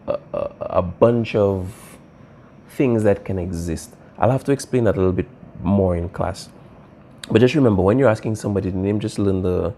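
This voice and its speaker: This man's lowish, dark voice carries a little hiss or hum behind it. He's a Spanish teacher leading a language lesson, going over the important points more than once, staying patient, and regularly asking "all right?"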